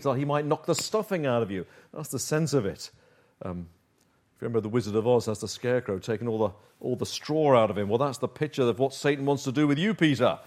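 A middle-aged man preaching a sermon, dropping to quiet low asides and rising to emphatic points. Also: expressive, a little fast. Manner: shifts between soft, low asides and emphatic, raised points.

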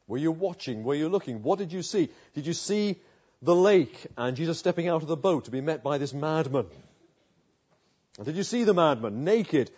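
A man's voice: a little high, a little mellow, husky, dull audio. A man preaching a sermon, building vivid pictures through repeated rhetorical questions.

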